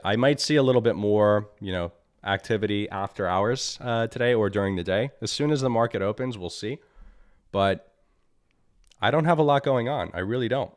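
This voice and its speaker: A man with a lowish voice hosts a live trading stream and walks through the charts as he goes. He sounds annoyed and blunt, repeats his points and tags them with "right?" He speaks into a streaming mic. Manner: blunt, repeats himself, asks "right?" often. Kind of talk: live market analysis.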